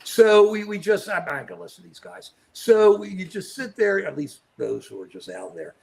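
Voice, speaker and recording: A man's voice: high-pitched, sing-song, normal speed, creaky. A man co-hosting a live political chat show, talking animatedly and calling out viewers by name. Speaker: co-host. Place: at home in New York.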